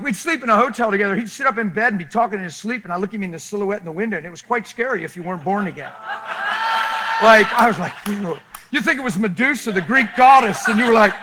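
A man preaching, telling a lively story and acting out the people in it, often laughing as he goes. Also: high voice, slight background noise, rough recording. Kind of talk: animated storytelling sermon.

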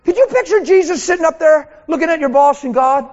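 High-voiced fervent male preacher. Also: brisk. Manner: fervent, shouting at times, acts out voices. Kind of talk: sermon. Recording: dull lo-fi recording.

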